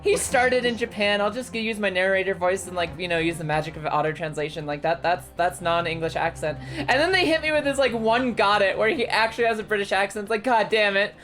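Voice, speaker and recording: A woman's voice: medium pitch, a little fast, hardly any pauses, a bit bright. Giggly, swearing woman streamer. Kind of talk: casual game stream. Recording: game music behind.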